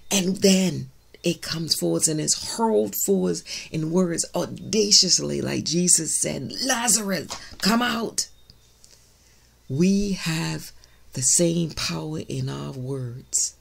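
A woman minister preaching a sermon in an emphatic, loud way. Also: deep voice, takes it slowly, creaky, breathy edge. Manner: emphatic, says she is loud, shouts key words.

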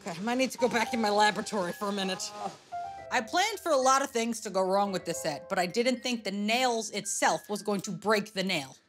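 A woman nail artist talking through her work in a reality show, upbeat and quick to laugh. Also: mid-range voice, a bit bright, soft background music. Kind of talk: reality show narration and salon chat.

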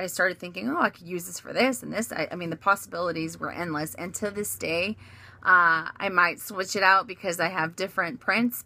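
A woman's voice: lowish voice, sharp tone. A woman in her thirties chatting casually as a vlogger, answering viewer questions with a giggly, rambling manner full of fillers and restarts. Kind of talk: casual chat.

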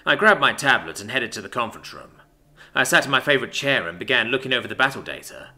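A man's voice: mid-range voice, big pitch swings, quick pace, pushed and bright. A man narrating a science fiction story in the first person, with dry, sardonic asides. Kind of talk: scripted audiobook narration.

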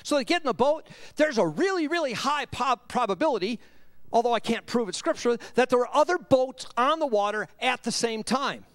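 A man preaching a sermon in church, swinging between loud emphatic lines and hushed low asides. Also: animated, brisk, no echo. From Southern US. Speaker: pastor.

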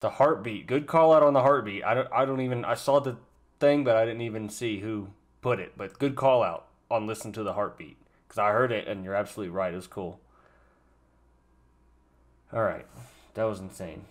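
Emotional, swearing young streamer. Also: male voice, on the low side, fairly quick. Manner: excitable, emotional, swears a lot. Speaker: streamer reacting to a musical. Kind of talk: casual live reaction.

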